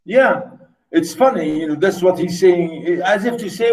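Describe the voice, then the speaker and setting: Male lecturer, Arabic first language, slightly high voice, hammers points home by repetition, echoey room. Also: unhurried. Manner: emphatic, repeats words for stress. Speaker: literature lecturer. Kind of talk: university literature lecture. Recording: roomy echo.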